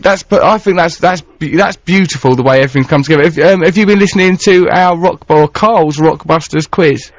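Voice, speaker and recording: A man's voice: a little high, a little fast, few pauses, no room sound. A man hosting a radio show in a studio, talking in a playful, wordy, teasing way. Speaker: radio host. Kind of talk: comic radio banter. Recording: dry, dull lo-fi radio recording.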